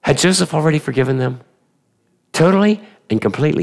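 A male pastor giving a sermon in a church, emphatic and animated, firing rhetorical questions at the congregation and repeating his key phrases. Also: fairly high pitch, quick pace, creaky.

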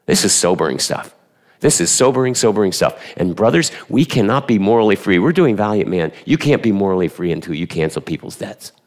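Animated man preaching with a gravelly voice. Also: fairly low pitch, fairly quick. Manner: animated, emphatic, asks the audience rhetorical questions, repeats phrases. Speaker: pastor. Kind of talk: sermon.

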